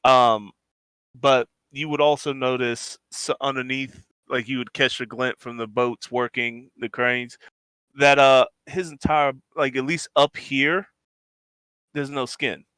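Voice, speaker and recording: A man's voice: medium pitch, fairly even intonation, unhurried, a bit bright, smooth, no room sound. A man narrating a tabletop game as game master, describing scenes in a rambling, descriptive way.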